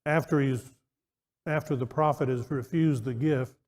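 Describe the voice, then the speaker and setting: A church auditorium with an echoey hall sound is the setting for a man teaching an interactive Bible class. He talks conversationally, questions his listeners, and often begins sentences again, using a medium-pitched, steady, slightly mellow voice at normal speed.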